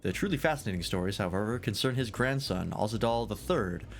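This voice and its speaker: A man's voice: fairly low pitch, lively intonation, fairly quick, slight background noise. A man reading game dialogue aloud in character, voicing a jovial, long-winded male scholar fond of drink, in a grandiloquent, theatrical storytelling manner.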